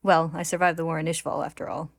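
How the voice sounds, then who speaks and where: Woman doing a smug calm male villain. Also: low voice, fast talker, gravelly. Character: calm smirking male villain alchemist, cool and sly.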